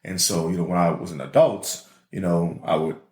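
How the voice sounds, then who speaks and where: Low-voiced New man co-hosting a chat podcast; rambly, restarts a lot; roomy recording. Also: moderate pace, darkish tone. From New Orleans. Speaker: podcast co-host. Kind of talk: casual chat. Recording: roomy echo.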